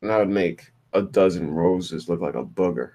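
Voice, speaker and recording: A man's voice: low voice, moderate pace, dark tone, poor audio. A man rambling in a solo vlog, mumbling to himself in an affectionate, self-mocking way. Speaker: vlogger.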